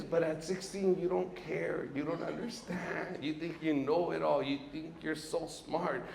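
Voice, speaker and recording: A man performs stand-up on a comedy stage, telling his stories at an unhurried pace and acting out the people in them. His voice is gravelly and swings widely in pitch. The sound is roomy and echoing, and loud crowd laughter rises behind him. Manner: storytelling, animated, acts out voices of his dad and the police. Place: comedy stage before a live audience. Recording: echoey stage recording with loud audience laughter.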